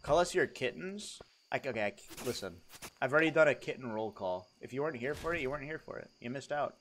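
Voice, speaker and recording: A man's voice: medium pitch, expressive, fast talker, a bit bright, slight background noise. A young man livestreaming a farming game, chatting casually and jokingly with his chat, rambling and reacting to messages.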